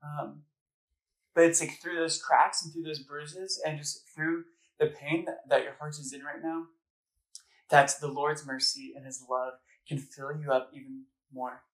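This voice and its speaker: A man's voice: a little high, fairly even intonation, a little slow, fairly bright tone, rough recording. A man with a slightly raised voice gives a faith talk to students as their campus minister. He speaks conversationally, scattering "like" and "um" throughout. His delivery is earnest and personal, built around stories from his own life. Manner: conversational, full of "like" and "um" fillers. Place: gathering room at a campus center, live audience.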